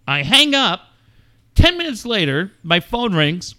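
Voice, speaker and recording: A man's voice: sits high, very animated, a little slow, pushed and bright. A middle-aged man hosting a radio show, telling a story casually and acting out phone calls in quoted voices.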